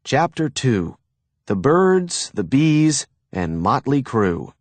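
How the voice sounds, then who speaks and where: Male audiobook narrator, measured pace, lively pitch, dry studio sound. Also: dry recording. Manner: expressive, storytelling.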